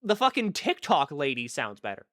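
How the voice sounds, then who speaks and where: A man streaming a video game, giving profane, animated commentary while he plays. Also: on the high side, moderate pace. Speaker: gaming streamer. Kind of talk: live-stream gameplay commentary. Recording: game music behind the voice.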